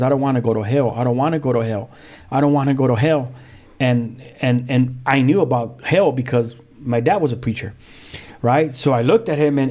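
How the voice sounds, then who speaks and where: A man's voice: medium pitch, mellow. Street-talking man from South Central LA. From South Central Los Angeles. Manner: street slang, repeated restarts, acts out quoted voices. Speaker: pastor and podcast guest. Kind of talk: personal testimony in a podcast interview.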